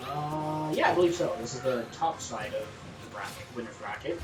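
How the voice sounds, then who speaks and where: In a campus gaming tournament room, a man with a Canadian accent gives casual play-by-play commentary, chatty and full of ums and uhs. His voice is medium-pitched, expressive and normally paced, picked up by a distant mic in a roomy space with game music behind.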